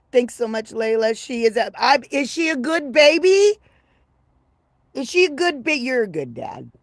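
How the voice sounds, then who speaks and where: A woman in her fifties chatting casually on a livestream, brash and profane, rambling from low mutters to loud excited bursts. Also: dry recording. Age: 50s. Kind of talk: casual livestream chat with viewers.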